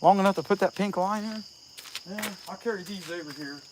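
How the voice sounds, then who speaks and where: Working outdoors at a rural carving spot, a breathless Southeast Ohio chainsaw carver jokes with his livestream audience in a folksy Appalachian-tinged country accent, calling out viewers by name. He talks fairly quickly in a high-pitched voice, with background noise present.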